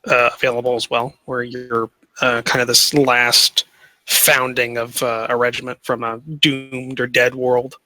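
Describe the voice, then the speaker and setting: A man running a tabletop role-playing game, explaining options in a halting way with many fillers. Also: mid-range voice, flat delivery, bright, forceful tone, no room sound, rough recording. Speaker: game master.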